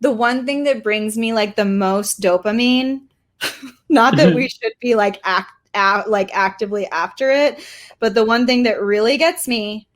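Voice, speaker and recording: A woman's voice: a little high, unhurried. A woman artist, giving a casual live painting tutorial in a chatty, rambling way with many fillers. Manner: chatty, rambling, self-deprecating, lots of fillers. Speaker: artist teaching a workshop.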